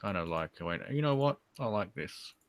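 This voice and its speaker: Australian man co-host, low-pitched, casual profanity, dry sound. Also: expressive, fairly quick, clear, resonant tone, no echo. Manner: laid-back, profane, joking. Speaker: livestream co-host. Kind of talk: casual livestream chat.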